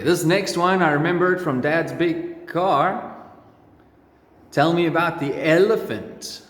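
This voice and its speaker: Man teacher, unhurried, stretches each word for kids; roomy echo. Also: on the high side. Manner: drawn-out, exaggerated word drills. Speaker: English teacher. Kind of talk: slow repeat-after-me pronunciation lesson for children. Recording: echoey room with long reverb.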